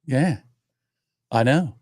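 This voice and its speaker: A man in his sixties chats casually as a livestream host, wandering from one story to the next and cursing freely. His voice sits at an everyday middle pitch. The sound is dry and close, with no room echo. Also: extremely slow, darkish tone. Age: 60s. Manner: profane, rambling storyteller. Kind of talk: casual chat.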